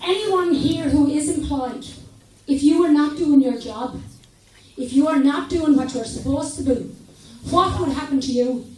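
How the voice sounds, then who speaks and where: A woman's voice: sits high, measured pace, mellow. A woman with an Irish accent speaking from the floor of a public meeting, frustrated and indignant, in plain words. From Ireland. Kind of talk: impassioned speech from the floor. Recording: echoey hall, mic from far off.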